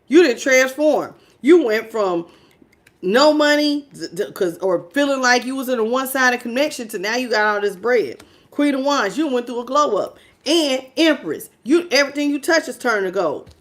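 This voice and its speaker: Woman, tarot reader, higher-pitched, sassy, emphatic, casual chat. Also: expressive, normal speed. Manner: sassy, emphatic, laughs often. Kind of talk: casual tarot reading to camera.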